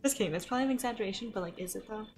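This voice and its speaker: A woman's voice: mid-range voice, very fast, darkish tone, slight background noise. A young woman with an American accent chatting casually on a live game stream, thinking aloud with frequent gasps and laughs, into a desk microphone. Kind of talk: casual live-stream chat while gaming.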